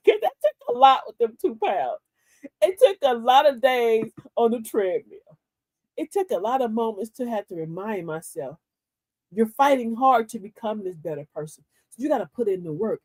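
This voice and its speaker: Older woman, livestream host, husky tone with a lively, swooping pitch, laughs a lot. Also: dry recording. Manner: animated storyteller, laughs often; slow, emphatic reading of affirmations. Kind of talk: casual motivational livestream talk.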